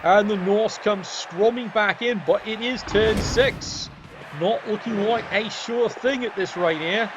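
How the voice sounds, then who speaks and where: A high-pitched man calls a game match with a dry, mocking edge, swearing casually and talking straight to the players. His voice sits well above the usual male range. A clear wash of background noise hums under the whole recording. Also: unhurried. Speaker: commentator. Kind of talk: game commentary.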